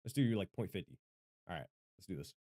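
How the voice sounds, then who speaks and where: A man streaming from home, loud and self-deprecating, rambling through casual mic tests on a studio microphone. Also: low voice, animated, fast. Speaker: gaming content creator and streamer. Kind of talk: casual livestream mic testing. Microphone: studio microphone with equalizer.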